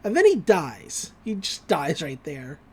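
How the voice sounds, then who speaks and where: A podcast co-host recapping a cartoon episode in casual chat, bouncing into quick character voices as the scenes are retold. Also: medium pitch, wildly swooping pitch, darkish tone, breathy edge.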